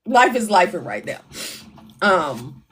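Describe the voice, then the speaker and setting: A woman's voice: on the low side, sing-song, slow, slightly rough. A middle-aged woman, hosting a casual livestream, chatting and reading out comments. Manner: chatty, laughing often, reading comments aloud. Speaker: livestream host.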